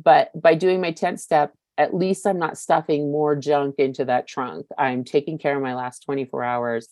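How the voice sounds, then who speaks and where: A woman's voice: low voice, fairly even intonation, moderate pace, a little mellow, no echo. A woman in her fifties giving a personal recovery share, candid and searching, with many fillers and casual swearing. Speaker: recovery meeting speaker.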